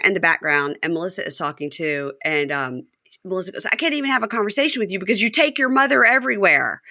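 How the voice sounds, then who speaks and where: Woman podcast host gossiping through a reality show recap, does the cast's voices, bright tone, dry mic. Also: fairly low pitch, expressive, dry recording. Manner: chatty recapper, acting out the cast's lines in quick voices. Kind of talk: casual chat.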